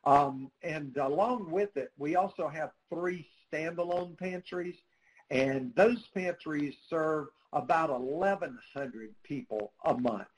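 A man with a slightly higher-than-average voice answers interview questions as a nonprofit spokesperson. He speaks earnestly and tells stories, with lots of "uh" fillers and small restarts. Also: slow, low-quality recording. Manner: earnest, storytelling, frequent "uh" fillers.

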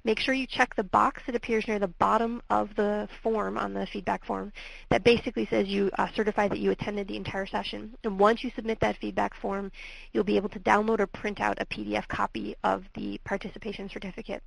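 A woman with a gravelly, creaky edge wraps up a webinar as its organizer. She goes through the reminders step by step in a friendly, methodical way, with a few ums along the way. Her voice is dry and close to the microphone. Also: mid-range voice, level tone, fairly quick, no room sound, poor audio. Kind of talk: closing webinar announcements.

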